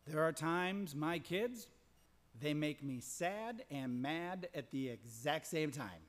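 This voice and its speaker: A man's voice: on the high side, animated, slow. Impassioned pastor, man, echoing sanctuary. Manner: impassioned, swings from loud emphasis to hushed whispers; repeats phrases for emphasis. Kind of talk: sermon. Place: large church sanctuary. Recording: long church reverb.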